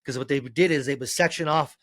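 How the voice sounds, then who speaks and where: A man, a former pro wrestler, telling road stories in a casual podcast chat, cursing freely and rambling, climbing loud and high as he gets worked up. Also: fast talker, dry recording. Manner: profane, rambling storyteller, gets loud and high when excited.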